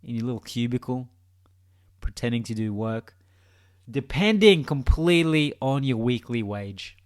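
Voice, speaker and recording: A man's voice: mid-range voice, lively intonation, measured pace, clear, resonant tone. A man with an Australian accent, a gaming video creator giving a rambling, mock-philosophical monologue that teases the viewer.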